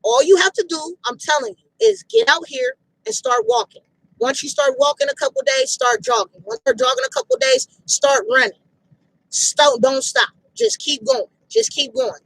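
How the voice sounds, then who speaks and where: A woman's voice: extremely high pitch, very animated, normal speed, vocal fry, fairly bright tone, dry recording, poor audio. A woman giving a casual, emphatic fitness pep talk outdoors, repeating her points bluntly with slangy phrasing. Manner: emphatic, repetitive, direct, street slang. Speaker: fitness motivator.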